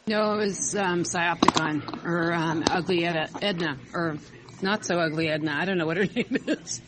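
A woman with a lowish voice co-hosts a casual online chat at a normal speed. She rambles and searches for words, and the online call audio is noisy.

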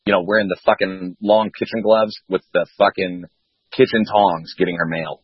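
Low husky man, sweary storyteller. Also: normal speed, no room sound. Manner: swears freely, animated storyteller. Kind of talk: casual chat. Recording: dry dull lo-fi call audio.

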